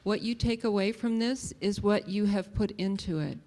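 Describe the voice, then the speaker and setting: A woman in her sixties, a conference founder giving a calm, modest welcome speech. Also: mid-range voice, normal speed. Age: 60s. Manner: modest, calm, soft-spoken. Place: conference hall. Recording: long hall reverb.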